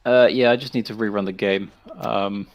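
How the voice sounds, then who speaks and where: A man's voice: fairly low pitch, fairly even intonation, moderate pace, muffled recording. A man playing along on a stream, hesitant and laughing easily as he chats. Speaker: co-player. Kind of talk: casual gaming chat.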